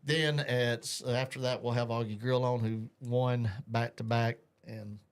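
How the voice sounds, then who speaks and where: A man's voice: medium pitch, steady tone, unhurried, clean tone. Rambling man hosting a show. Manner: rambling, jokey, reads out viewer comments. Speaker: host. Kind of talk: casual live show chat.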